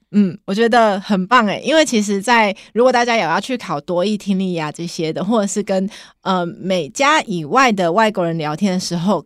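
A woman hosts a bilingual English lesson podcast, mid-pitched and chatty. She encourages listeners and cues her guest, recorded dry and close on a studio mic. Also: no room sound. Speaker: podcast host.

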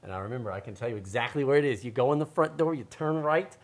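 Very deep-voiced woman reading a picture book. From a Western country. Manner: animated, slows down for read-aloud lines, asks the listener questions. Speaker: storybook reader and co-host.

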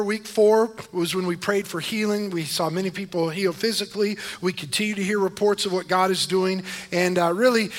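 A male pastor preaching a sermon, mixing joking asides with loud, emphatic stretches that call for amens. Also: high-pitched.

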